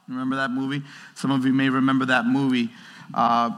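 A man preaching a sermon in a conversational, animated way, talking straight to the congregation and acting out quotes. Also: medium pitch, brisk. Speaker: pastor. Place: large church hall. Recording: reverberant church hall.

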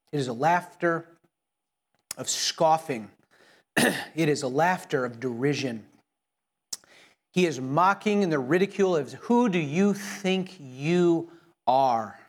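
A male pastor preaching an earnest sermon in church, with frequent repeated words and restarts. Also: a little high.

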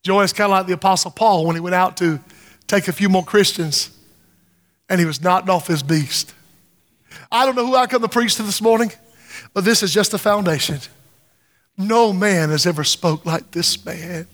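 A man preaching a fervent sermon from the pulpit, sometimes dropping to a hush and sometimes singing. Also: sits high, a little fast, pauses often. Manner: fervent preaching, drops to hushed tones and breaks into song. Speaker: pastor. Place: church sanctuary. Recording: reverberant church hall with music.

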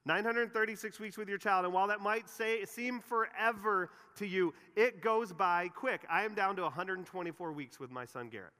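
A man in his forties preaching a sermon, telling stories and swinging between loud emphasis and quiet, intimate moments. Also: high-pitched, normal speed, few pauses. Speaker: pastor. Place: church auditorium. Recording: long reverb of a church hall.

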